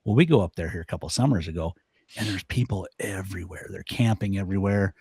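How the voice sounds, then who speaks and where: A man from northern Idaho with a low, husky voice, spinning an animated hunting-trip story on a podcast. He laughs often, and the sound is close and dry. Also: fast talker, no echo. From northern Idaho, USA. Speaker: guest elk-hunting expert.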